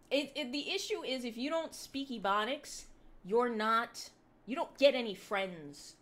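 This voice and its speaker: A woman's voice: fairly high pitch, lively intonation, a little slow, a bit bright, slight background noise. A woman livestreaming and chatting casually to her chat, rambling with joking, sarcastic asides. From Puerto Rican heritage.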